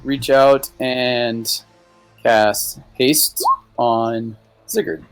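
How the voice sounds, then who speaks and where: A man's voice: mid-range voice, steady tone, drawn-out words, clear, resonant tone, no echo, soft background music. A man playing in a tabletop game, thinking aloud hesitantly as he picks his moves. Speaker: player.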